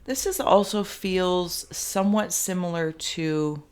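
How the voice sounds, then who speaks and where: A Canadian woman, a tarot reader and psychic, gives a spoken tarot and spirit reading to camera. Her voice is on the low side, clean in tone and slow, as she rambles and thinks aloud with many fillers and restarts.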